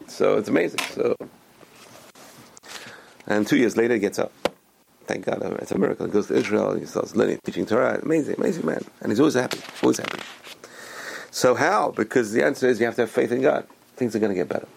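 A man's voice: fairly low pitch, fast talker, gravelly, pauses often, slight background noise. A man giving a spoken religious talk as a teacher, enthusiastic and repeating words for emphasis.

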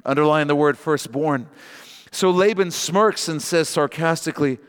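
A male pastor preaching a sermon, reading scripture with animated joking asides and emphatic repetition. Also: on the high side, normal speed, clean tone, long reverb tail.

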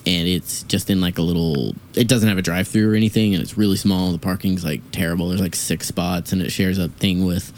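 A man's voice: low voice, steady tone, fairly quick, hardly any pauses, darkish tone, a little hiss or hum. A young man in casual podcast chat, rambling through a story with lots of fillers and swearing. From Dallas area, USA.

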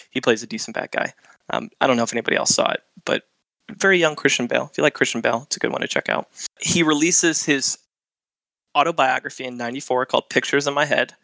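A man's voice: medium pitch, creaky, bright, forceful tone, no room sound, poor audio. A man co-hosting a movie podcast, going through an actor's career in a matter-of-fact way. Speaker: podcast co-host. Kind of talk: casual chat, reading career notes.

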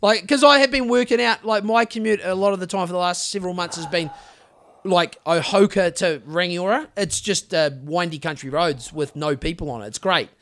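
A New Zealand man co-hosting a casual podcast, bantering with laid-back swearing and quick agreement. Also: high-pitched, a bit bright. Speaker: podcast co-host. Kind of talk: casual chat.

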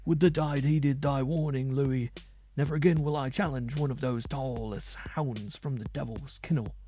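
A man's voice: mid-range voice, steady tone, normal speed, mellow, faint music behind, voice pushed up, natural voice. A man voicing a boastful, hungry bearded male minstrel who talks in old-fashioned, mocking speech. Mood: shaken.

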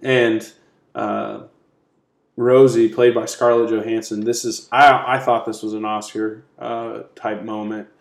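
A man co-hosting a casual podcast, talking through favorite movie scenes in a relaxed, conversational way. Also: on the low side, measured pace, creaky. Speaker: podcast co-host. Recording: roomy echo.

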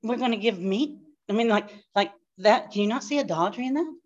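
A woman pastor, teaching a live class in a fast, animated storytelling way with quick asides. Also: on the high side. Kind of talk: live-recorded church class. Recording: dull lo-fi live recording.

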